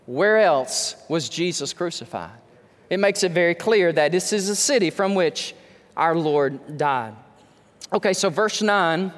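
A man's voice: high-pitched, big-room sound. A man pastor preaching an emphatic sermon full of rhetorical questions, speaking in a church sanctuary.

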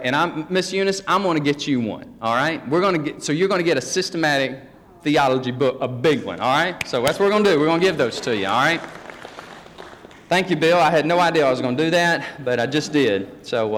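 Male pastor, folksy teaching sermon, a bit high, echoing sanctuary. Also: animated, brisk, a bit bright, a little hiss or hum. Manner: folksy, joking with the congregation. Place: church sanctuary. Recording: long hall reverb.

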